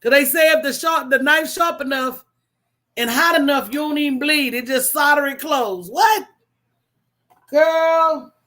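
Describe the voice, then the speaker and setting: A woman hosting a casual livestream, telling stories in an animated, preachy way with call-and-response asides to her viewers. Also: high-pitched, moderate pace. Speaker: host.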